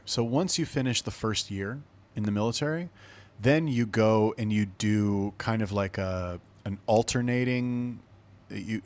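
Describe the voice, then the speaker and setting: A man hosting a podcast, telling a story in a casual, blunt, profane way. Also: lowish voice. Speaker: podcast host.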